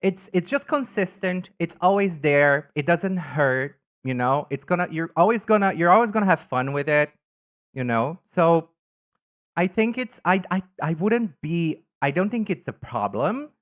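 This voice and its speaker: A man's voice: on the high side, measured pace. Campy guy on a live stream, voice swooping all over, chatting with viewers. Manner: campy, animated, greets viewers by name. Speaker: live streamer reading chat. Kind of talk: casual live-stream chat ranking items.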